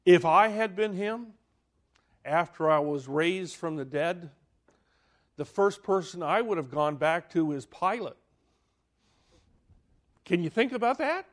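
High-voiced man preaching a sermon slowly. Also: expressive. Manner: dramatic, swinging from loud to hushed; asks the listeners questions.

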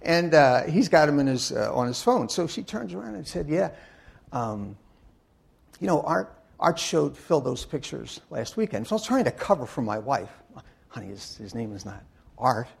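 An older man giving a sermon in a church, telling wry stories in a halting way full of uh and restarts. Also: fairly high pitch, very animated, creaky, slightly rough. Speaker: guest speaker and Bible teacher. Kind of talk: anecdotal sermon talk.

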